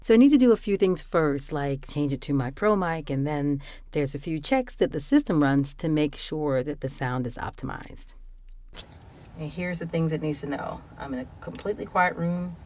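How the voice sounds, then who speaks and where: A woman voice actor talking casually through her home recording process, explaining each step in a quiet room on a studio microphone. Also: sits low, animated, moderate pace. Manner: explanatory, chatty, self-correcting. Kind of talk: casual screen walkthrough. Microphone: studio condenser microphone.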